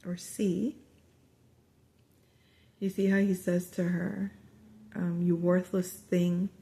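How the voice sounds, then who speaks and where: A woman giving a casual spoken tarot reading to her viewers, chatty and animated, often quoting lines of dialogue and trailing off into fillers and restarts. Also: mid-range voice, vocal fry. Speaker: tarot reader.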